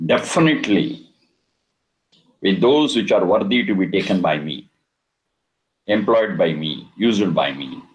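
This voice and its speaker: Slow, deliberate man. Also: low voice, lively intonation, rough recording. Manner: slow and deliberate, repeating and chanting Sanskrit terms. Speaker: Vedic teacher. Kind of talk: scripture lesson explaining Sanskrit words.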